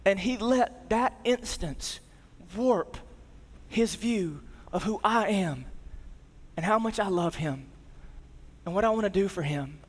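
A man in his thirties preaching a sermon as a pastor, telling a family story and moving between lively emphasis and soft, low tones. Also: takes it slowly, big-room sound.

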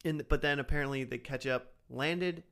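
A man co-hosting a podcast, retelling cartoon scenes in relaxed, joking casual chat. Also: mid-range voice, moderate pace, vocal fry. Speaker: podcast co-host recapping a cartoon.

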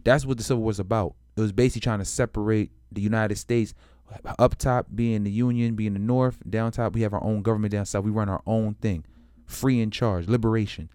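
A man's voice: lowish voice, steady tone, brisk, a little mellow, smooth, no echo, studio quality. A man explaining history in a casual, slangy way, swearing freely and stumbling over restarts, and acting out both sides of the story in quoted voices. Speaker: history commentator.

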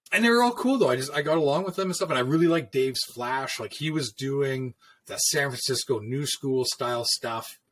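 Here a seasoned tattoo artist, male, shares anecdotes from his working life in a loose, rambling, foul-mouthed style full of filler. His voice sits at medium pitch with a fairly bright tone.

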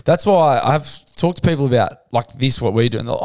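A man's voice: mid-range voice, fast talker, hardly any pauses, a little mellow, no room sound, studio quality. A young Australian man co-hosting a podcast in crude, casual banter. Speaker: podcast co-host.

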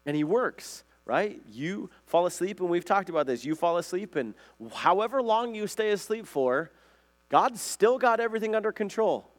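Earnest preacher man, slightly high voice. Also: lively intonation, normal speed. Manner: earnest, asks the listeners questions, with restarts. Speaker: pastor. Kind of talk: conversational sermon.

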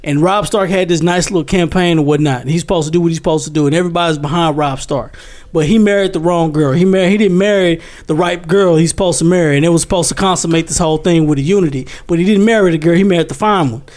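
A man with a high-set voice retells a story in a casual conversation. He is animated and loops back on phrases for emphasis. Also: quick pace. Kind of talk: casual chat.

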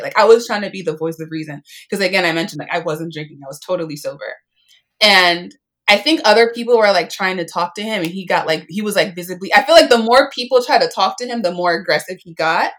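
A woman's voice: medium pitch, quick pace, fairly bright tone. Woman in her twenties, chatty storyteller who voices the people she quotes. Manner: chatty, lots of "like", acts out quotes. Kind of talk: casual storytelling.

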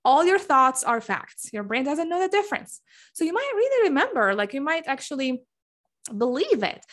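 A woman in her thirties speaks in a high, bright-toned voice that swoops up and down with lively expression. She coaches listeners in an earnest, conversational way, checking in often and leaning on casual fillers. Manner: earnest, repeats "right?" and "like". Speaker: mom life coach. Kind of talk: motivational talk to listeners.

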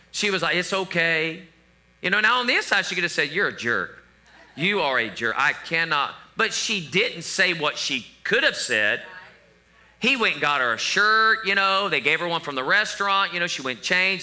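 A middle-aged male pastor delivers his sermon with a high, very bright voice. His pitch moves around freely, and he keeps it conversational with joking asides to the congregation. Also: big pitch swings, a little fast.

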